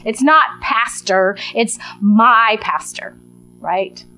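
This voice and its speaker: A woman preaching a sermon, telling a gospel story in a lively way and acting out the voices of the crowd. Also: a little high, drawn-out words, soft background music, poor audio.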